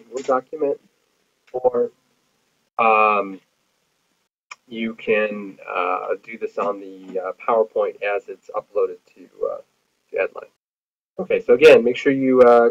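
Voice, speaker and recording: A man teaching Spanish grammar in a recorded lecture, explaining patiently with many fillers. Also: on the low side. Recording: tinny phone-like audio.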